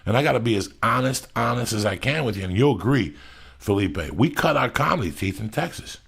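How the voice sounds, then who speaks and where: A man's voice: medium pitch, expressive, a little fast. A middle-aged man hosting a podcast, telling rambling, profane stories in a casual chat. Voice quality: gravelly, husky. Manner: loud, rambling storyteller, heavy swearing. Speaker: podcast host.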